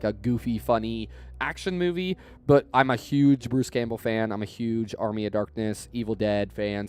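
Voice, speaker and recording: A young adult man chats enthusiastically on a stream, rambling and stumbling through fillers. His voice sits at an ordinary pitch but rises and falls with lively swings. Faint music hums in the background. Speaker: streamer showing his movie collection. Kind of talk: casual stream chat.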